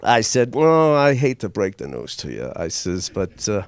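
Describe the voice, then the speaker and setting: A man's voice: fairly low pitch, normal speed, no room sound. An older man telling a comic story to a live audience, chuckling as he goes. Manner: animated, chuckles through his own story.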